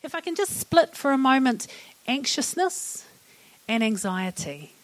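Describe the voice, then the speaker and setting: A middle-aged woman with a New Zealand accent speaks to an audience about mental wellness. Her voice sits a little high. She is chatty and humorous, and she often laughs at her own jokes. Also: sing-song, unhurried. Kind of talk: public talk to an audience.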